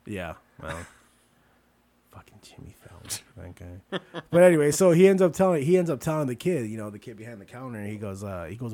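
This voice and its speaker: Loud, profane podcast host man. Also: medium pitch, big pitch swings, normal speed, no room sound. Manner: loose, profane storytelling with loud bursts. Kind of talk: casual chat.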